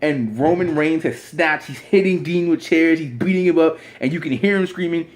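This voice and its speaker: A man's voice: a little high, moderate pace, hardly any pauses. A young man in a casual vlog monologue, rambling along with frequent restarts. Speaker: vlogger. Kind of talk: casual fantasy-booking monologue.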